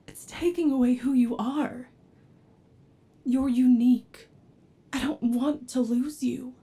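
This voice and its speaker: Casting: a woman playing a clingy yandere android for whispered role-play, high and mellow, soft and pleading. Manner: soft and pleading, flaring into anger. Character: obsessive devoted yandere android, adult, unstable temper. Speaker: ASMR role-play performer.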